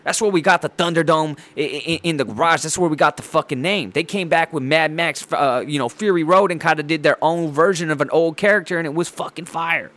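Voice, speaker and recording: A man's voice: on the high side, a little fast, few pauses, a bit bright. Profane, riled-up man ranting. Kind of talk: casual ranting monologue.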